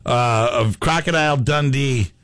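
A man co-hosting a sports radio show in casual, chatty talk, reading out listener messages. His voice sits at a middle pitch. The studio sound is dry and close. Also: measured pace, a bit bright, clean tone, no echo.

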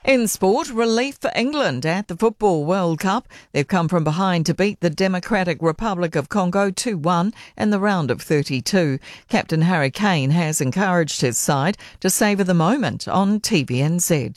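Low-voiced New newsreader. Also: female voice, lively intonation, no echo, clean studio sound. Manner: measured, formal read. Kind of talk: radio news bulletin.

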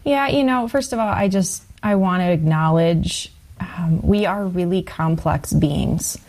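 A woman co-hosting a Christian radio show, offering gentle, reflective encouragement. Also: on the low side, measured pace.

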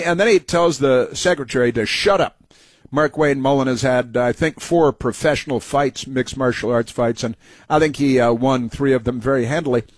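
A man's voice: mid-range voice, dry recording. A man hosting a talk show, giving mocking, sarcastic political commentary over played clips. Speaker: radio talk show host.

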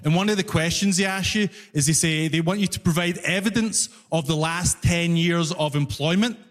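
A man's voice: on the high side, moderate pace, fairly bright tone. A man with a Glasgow Scottish accent doing a stand-up comedy set, telling stories animatedly and slipping into voiced asides. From Scotland. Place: comedy club stage with audience. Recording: live hall reverb.

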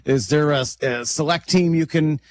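A man co-hosting a sports talk show, bantering quickly and often repeating words as he thinks aloud. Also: fairly high pitch, no echo. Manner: lively, repeats words, quick back-and-forth. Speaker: sports radio co-host.

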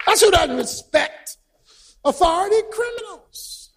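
A man preaching a sermon who tells stories with energy, shouts his points and quizzes the congregation. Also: very high voice, a little slow, slight background noise. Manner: animated storytelling, shouting for emphasis, quizzing the congregation.

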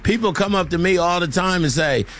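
A man's voice: sits high, fairly quick, a bit bright, a little hiss or hum. A man co-hosting a morning radio show, bantering in a playful, storytelling way. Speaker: radio co-host.

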